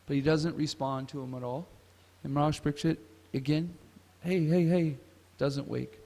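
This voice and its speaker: A man's voice: mid-range voice, steady tone, brisk, vocal fry, darkish tone. A man teaching a scripture class at a temple, retelling a story and asking the audience questions. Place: temple hall. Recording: reverberant temple hall.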